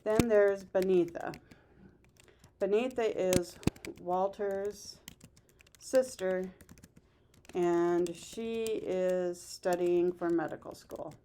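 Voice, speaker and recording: A woman's voice: lowish voice, very slow, long pauses, dark tone, a little hiss or hum. A woman teaching a class about a play, asking her students questions and then answering them herself, sometimes raising her voice to act out quoted lines. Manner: acts out quoted lines in a raised voice.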